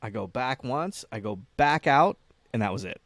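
A man's voice: mid-range voice, animated, moderate pace, a bit bright, no room sound. A man in his thirties, a podcast co-host, telling a crude story with laughter and acted-out quotes in casual chat.

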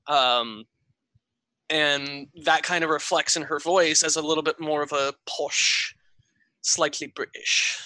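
A woman's voice: deep voice, steady tone, slow, sharp tone, no room sound. A woman chatting casually about playing tabletop role-playing games. She often repeats words as she starts a thought. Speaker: tabletop game player. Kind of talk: casual podcast chat.

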